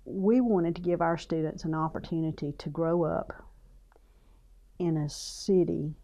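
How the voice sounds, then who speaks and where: Woman, school leader, dark gravelly tone, measured delivery, muffled audio. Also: sits low, steady tone. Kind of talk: documentary interview.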